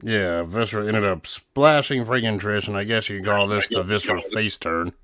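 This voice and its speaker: Low-pitched male co-host, dry close mic, joking and teasing, laughs a lot. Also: normal speed, sharp tone, dry recording. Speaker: co-host reviewing wrestling. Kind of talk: casual podcast chat.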